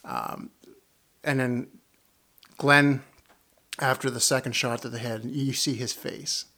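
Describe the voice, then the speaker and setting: Gravelly man rambling through a TV review. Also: medium pitch, fairly even intonation, takes it slowly, bright, forceful tone. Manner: rambling, chuckling retelling of scenes. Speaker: TV show reviewer. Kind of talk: casual spoken review and rant.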